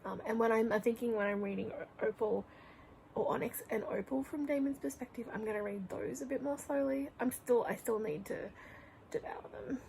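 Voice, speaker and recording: A woman's voice: fairly high pitch, fairly quick, creaky, darkish tone, a little hiss or hum, low-quality recording. A young woman chatting casually in a reading vlog at home, gushing and rambling, often dropping to a whisper. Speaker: book vlogger. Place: home room.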